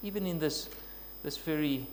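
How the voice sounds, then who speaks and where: A man's voice: fairly high pitch, normal speed. A man preaching a sermon in an earnest way, building to emphatic scripture quotes. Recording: long reverb, faint noise with hum.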